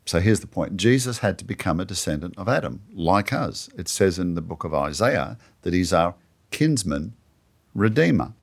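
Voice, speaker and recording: Male co-host, very low voice, earnest teacher of scripture, conversational. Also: big pitch swings, normal speed, vocal fry, breathy edge. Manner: earnest, explanatory, leans on "you know". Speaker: co-host of a Bible teaching show. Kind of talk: conversational Bible discussion.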